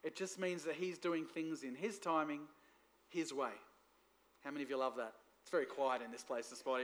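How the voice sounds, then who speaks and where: High-pitched guy pastor giving a sermon in church, lively, keeps asking the crowd for amens. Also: fairly quick. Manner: lively preaching, asks the congregation for responses.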